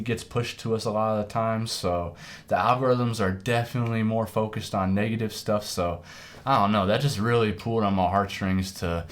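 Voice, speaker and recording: Low-voiced man gushing about music. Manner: effusive, rambling, swears freely. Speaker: music reaction host. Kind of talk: casual reaction commentary.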